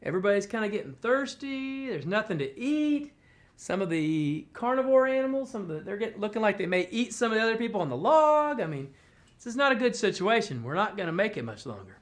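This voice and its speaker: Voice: mid-range voice, very animated, fast. A storyteller from a tribal language department, casually telling a traditional tale in a folksy, conversational way and acting out the characters' lines. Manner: folksy and conversational, full of "kinda" and "you know"; acts out the animals' quoted talk.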